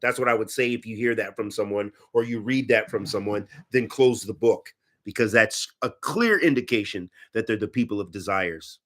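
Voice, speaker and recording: Male teacher, Q&A format, conversational delivery, animated with frequent self-corrections. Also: fairly low pitch, moderate pace. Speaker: Islamic teacher answering questions. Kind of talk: Q&A talk.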